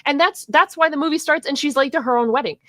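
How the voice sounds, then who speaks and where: Slightly high voiced woman, teasing n laughy, fired up about a movie, super dry sound. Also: fast, pushed and bright, no room sound. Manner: teasing, laughs a lot, passionate defending. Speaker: co-host. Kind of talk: casual film debate.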